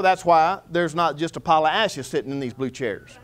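A man's voice: on the high side, expressive, brisk, few pauses, slight background noise. A man preaching a sermon as pastor, mixing scripture reading with humor. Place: church.

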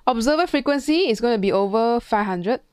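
A woman's voice: a little high, animated, fairly quick, a little mellow, clear, resonant tone, dry recording, clean studio sound. A woman physics tutor, talking through an exam question in a chatty way, thinking aloud and imitating sounds. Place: classroom.

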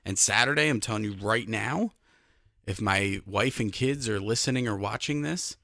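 A man's voice: on the low side, moderate pace, gravelly, sharp tone, no echo, studio quality. A man hosting a sports podcast in a casual chat, speaking with emphasis and talking straight to the listeners. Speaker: podcast host.

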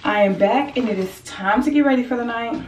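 A woman's voice: fairly high pitch, a little fast, echoey room, a little hiss or hum. A young woman chatting casually to her viewers in a home vlog, laid-back and talkative, filmed on a handheld camera indoors. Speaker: vlogger.

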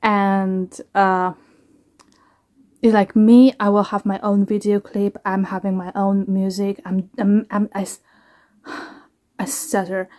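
A woman, a singer, talking casually to camera in a reaction vlog, halting, restarting and trailing off as she reflects. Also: mid-range voice, flat delivery, darkish tone.

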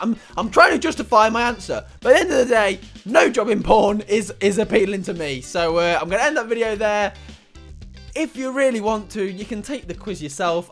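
A man, an excitable YouTuber rambling through an online quiz, swearing casually and laughing at himself. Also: high-pitched.

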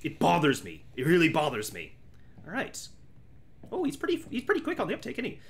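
A jokey male streamer chatting live while he plays a game. His voice is slightly high and swings wildly up and down, constantly animated. He pokes fun at himself with quick, playful asides. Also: vocal fry. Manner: jokey, animated, self-mocking.

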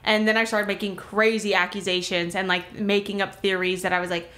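This woman from Miami, a podcast co-host, has a medium-pitched voice and talks fairly quickly. She's recounting a wild story in a loose, animated, rambling way, full of filler words.

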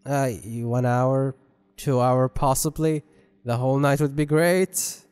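A man's voice: mid-range voice, fairly even intonation, a little slow, darkish tone, clear, resonant tone. A man commentating on gameplay, joking and rambling with self-mocking asides. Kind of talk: let's play commentary. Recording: long reverb with game music.

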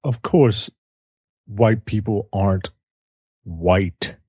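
A man's voice: lowish voice, very slow, mellow, husky, no echo, studio quality. A man co-hosting a casual film podcast, joking around and reading quotes aloud. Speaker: podcast co-host.

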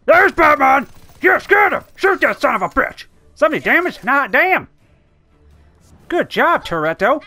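A gamer giving excitable, sweary commentary over their own gameplay. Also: high voice, measured pace, soft background music. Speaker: let's play gamer.

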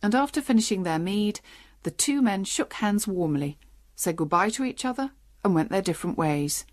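A woman narrates a graded storybook for learners of English. Her reading is clear and steady, at an ordinary middle pitch. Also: normal speed.

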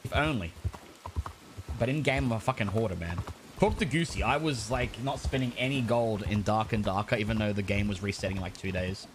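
Give me a laid-back man streaming a game, swearing and laughing, with steady noise behind him. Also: lowish voice, fairly quick. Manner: swears a lot, laughs often, animated. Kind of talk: casual gaming stream chat.

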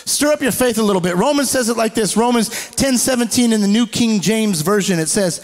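A male pastor with a high, light voice preaches with lively energy. He acts out the people he quotes and slows right down when he reads scripture. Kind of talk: sermon.

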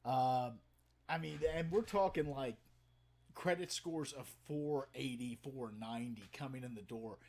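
A man in his forties casually telling comic stories to a stream audience, swearing freely and animated. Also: mid-range voice, unhurried. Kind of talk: casual storytelling.

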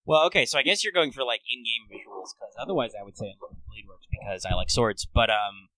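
A man's voice: medium pitch, expressive, quick pace, pushed and bright, no room sound, rough recording. A man co-hosting a podcast in easygoing, casual chat, hesitating often. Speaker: podcast co-host.

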